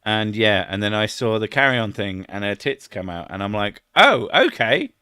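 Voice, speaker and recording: A man's voice: fairly low pitch, moderate pace, sharp tone, clear, resonant tone, no room sound, clean studio sound. A middle-aged British man chatting casually on a live stream, rambling, swearing a lot and laughing at his own jokes.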